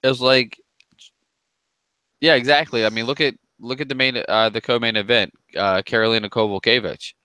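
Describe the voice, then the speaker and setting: A man co-hosting a casual sports chat, chatty and quick to laugh at himself. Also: medium pitch, fairly even intonation, bright, forceful tone, smooth, no echo. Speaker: podcast co-host.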